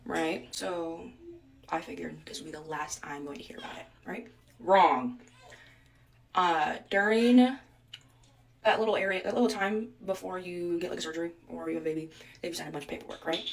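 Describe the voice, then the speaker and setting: A woman's voice: lowish voice, moderate pace, vocal fry, recorded from a distance. A woman in her twenties telling a personal story with indignation, acting out the people in it. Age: 20s.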